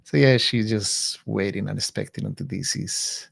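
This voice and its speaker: A man describing his character at a tabletop game, thinking aloud with pauses. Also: on the low side, creaky, slightly rough, no echo. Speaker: player. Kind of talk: tabletop play.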